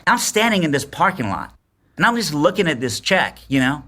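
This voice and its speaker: A man's voice: a little high, a little fast. A man in his forties telling a personal story on a podcast, acting out the voices of the people in it. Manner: animated storyteller, acts out quotes. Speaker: podcast guest. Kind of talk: storytelling in casual chat.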